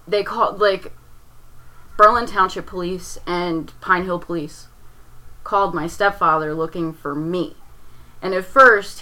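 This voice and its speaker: A woman's voice: lowish voice, pushed and bright, low-quality recording. A young woman tells a painful personal story in a rambling way, leaning on "like" and restarting her sentences. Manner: rambling, heavy use of "like", restarts under strain.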